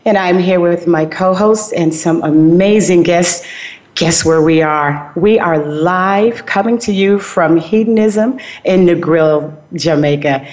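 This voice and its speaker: A middle-aged woman hosting a podcast, chatting casually and telling lively stories with acted-out dialogue. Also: fairly low pitch. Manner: lively, chatty storyteller who acts out dialogue. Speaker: podcast host. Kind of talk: casual chat.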